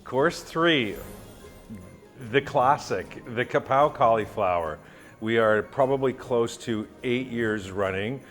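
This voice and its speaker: A man cooking and demonstrating a recipe as a chef, chatting with jokes and lively asides. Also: mid-range voice, slow, faint music behind. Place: kitchen, cooking at the stove. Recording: sizzle and kitchen noise. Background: sizzling pan.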